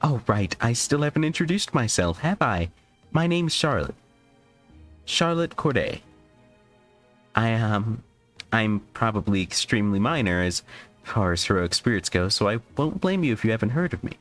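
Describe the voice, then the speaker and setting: A man's voice: lowish voice, very animated, normal speed, a bit bright, faint music behind. A man putting on a shy young heroine voice. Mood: earnest. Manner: fretful, self-deprecating, breathless gratitude. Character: gentle, anxious young woman heroic spirit. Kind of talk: reading visual novel dialogue aloud.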